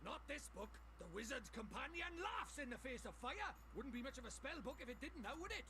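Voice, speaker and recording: A man's voice: big pitch swings, fairly quick, recorded from a distance, very noisy. A man voicing a cheeky, bossy little male fairy, reading game dialogue aloud. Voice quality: very high, bouncy singsong delivery.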